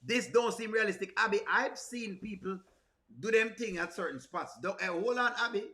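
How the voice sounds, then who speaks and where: A man's voice: high-pitched, normal speed, pushed and bright. A Jamaican man giving playful, teasing reaction commentary, now and then breaking into song. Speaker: reaction video host.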